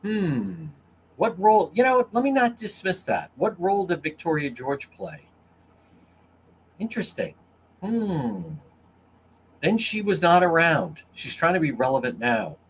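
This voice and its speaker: A man's voice: fairly high pitch, sing-song, measured pace, pauses often, a little hiss or hum. A man hosting a casual livestream, crude and mocking as he reads comments from chat. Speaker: livestream host.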